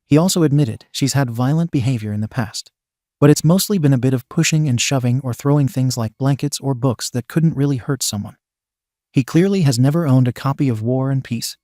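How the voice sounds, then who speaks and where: A man giving scripted narration of an online post, in a steady reading that spells abbreviations out letter by letter. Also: mid-range voice, brisk, dry recording, studio quality. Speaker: story narrator.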